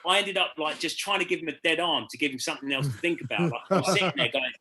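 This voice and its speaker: A man's voice: fairly high pitch, fast talker, noisy background. A man hosting a podcast over a video call, telling rambling stories in casual chat, swearing and acting out other people's voices. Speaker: podcast host.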